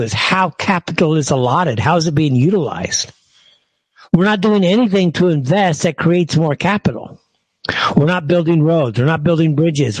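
Man, podcast host, angry ranting monologue, scornful, high-pitched, dry. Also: no room sound, low-quality recording.

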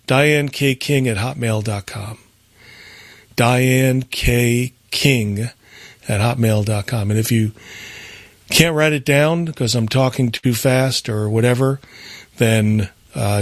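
Recorded dry, this mid-range male voice belongs to a call-in radio co-host casually announcing the station lineup. He rambles loosely, stumbling through many fillers and restarts.

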